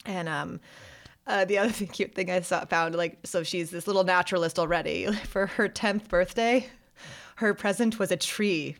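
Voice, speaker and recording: A woman co-hosting a casual chat, telling a story with lots of laughter and acting out quotes in a high, excited voice. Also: normal speed, creaky. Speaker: podcast co-host.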